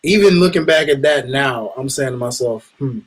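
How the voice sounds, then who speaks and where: A man guesting on a casual wrestling review chat, laid-back and chuckling, who often chimes in with quick agreement. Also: medium pitch, poor audio. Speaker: guest co-host.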